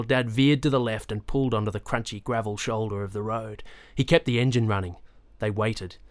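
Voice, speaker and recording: This is scripted narration: a man working as an audiobook narrator reads from a novel at an even, deliberate pace. The mid-range voice comes through clean, with studio sound and no audible room.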